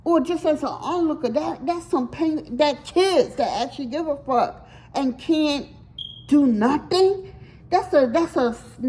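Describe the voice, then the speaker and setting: Tarot reader, female, slightly high voice; blunt, emphatic talker who swears and stumbles over repeated words. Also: a little mellow, rough recording. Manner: repeats words while searching for them. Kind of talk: casual tarot reading to viewers.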